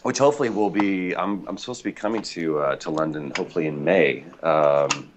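A man's voice: deep voice, a little fast. A man talking casually as an interview guest over an internet call, rambling and joking at his own expense, with aircraft noise faint behind him. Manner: rambling, jokey, self-deprecating. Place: home near an airport.

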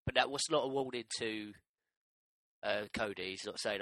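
Lower-voiced man, bright and close. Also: moderate pace, no room sound. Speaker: podcast co-host. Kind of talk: casual wrestling chat.

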